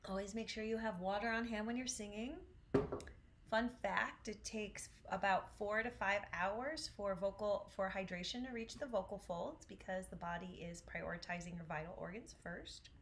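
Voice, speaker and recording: A woman's voice: medium pitch, normal speed. A woman with an Upstate New York accent coaching singers in a live online lesson. She talks chattily and keeps checking in with the class. A faint hum of noise sits behind her voice. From Syracuse, New York. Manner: chatty, encouraging, checks in with "okay?". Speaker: vocal coach.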